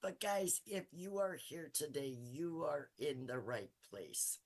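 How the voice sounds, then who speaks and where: A woman's voice: deep voice, expressive, slow, husky. A woman in her sixties giving a tearful, earnest webinar testimonial. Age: 60s. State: teary-eyed. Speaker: coaching client giving a testimonial.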